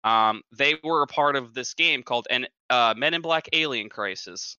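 A man's voice: mid-range voice, moderate pace, pushed and bright, smooth, dry recording. A man talking as a guest on a casual podcast, stumbling and repeating words as he goes. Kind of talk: casual chat. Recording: dry, slightly dull lo-fi sound.

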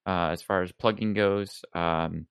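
A man's voice: low voice, steady tone, measured pace, vocal fry, clean tone, no room sound, clean studio sound. A man co-hosting a video game podcast, chatting casually and plugging his streaming channel. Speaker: podcast co-host. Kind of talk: casual chat.

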